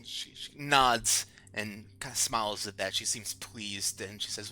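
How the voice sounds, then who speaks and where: A man's voice: lowish voice, a little slow. Laid-back male game master. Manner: relaxed, hesitant, many fillers. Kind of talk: narrating a tabletop game.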